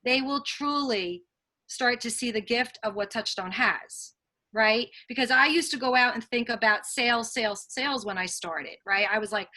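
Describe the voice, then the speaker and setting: A woman's voice: fairly high pitch, moderate pace, bright, forceful tone. A woman leading a team training call, telling earnest, motivational stories and taking questions from the chat. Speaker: sales team leader.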